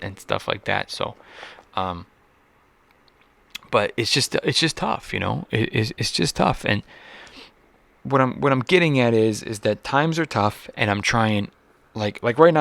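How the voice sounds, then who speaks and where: A man's voice: on the low side, vocal fry, a bit bright, dry recording. A man hosting a solo comedy podcast, ranting in an exasperated, profane way with lots of restarts and filler words.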